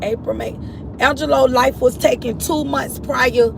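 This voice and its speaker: A middle-aged woman gives a personal testimony about her late son, earnest and repetitive, speaking to her listeners as y'all. Her high-pitched voice is steady and unhurried with vocal fry, against outdoor street noise and passing vehicles.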